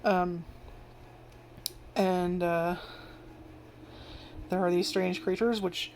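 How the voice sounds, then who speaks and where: Here an anime reviewer, a woman with a lowish voice, talks extremely slowly over slight background noise. Her casual first-impressions commentary rambles along with plenty of fillers and regular swearing, punctuated by animated, loud acted-out reactions.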